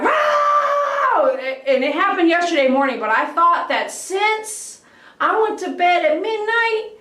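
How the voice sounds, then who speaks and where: A woman who works as a dog groomer, chatting casually on a livestream, telling stories in an animated way and imitating barking dogs. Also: high-pitched, far from the mic. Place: grooming salon. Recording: echoey room, voice off-mic.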